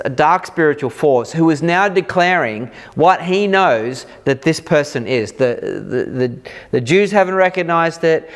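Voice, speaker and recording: Man teaching the Bible conversationally. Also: fairly high pitch. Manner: animated, acts out reactions in lively quoted voices; informal, with fillers and restarts.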